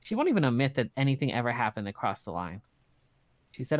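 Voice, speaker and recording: A man in casual in-character roleplay chat, blunt and profane, telling stories in an animated way. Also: medium pitch, fast, no room sound. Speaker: roleplay streamer.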